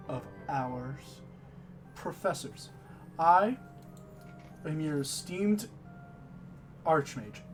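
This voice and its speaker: Slow, deliberate man running a tabletop game. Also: fairly high pitch. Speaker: game master.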